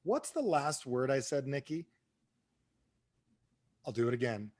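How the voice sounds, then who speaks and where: A man giving a motivational business talk on a training call, asking the audience questions and swinging between booming and hushed delivery. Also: measured pace. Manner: animated, asks the audience questions. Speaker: speaker at an online training call.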